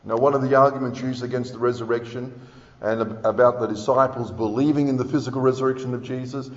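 A man's voice: mid-range voice, steady tone, fast. A man preaching a sermon in an earnest, emphatic way, reading scripture aloud. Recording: dull sound with long hall reverb.

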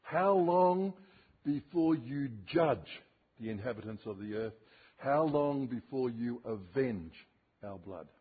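A male preacher giving an expository sermon, reading scripture slowly and emphatically, with dramatic rises and drops in his voice. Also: mid-range voice, animated, slightly rough. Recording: tinny phone-like sermon recording.

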